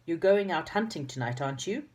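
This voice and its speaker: A woman reading aloud, voicing a gentle fairy who asks a favour in her sweetest voice. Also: on the low side, animated, a little fast. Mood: coaxing. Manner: sweet, coaxing.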